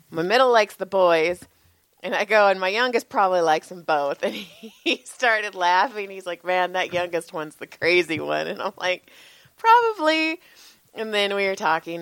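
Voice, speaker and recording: A woman's voice: lowish voice, dry recording. Woman in her forties, casual storyteller, swears freely, laughs a lot, dry close sound. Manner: animated, profane, laughs often, acts out quotes. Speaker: podcast co-host, massage therapist.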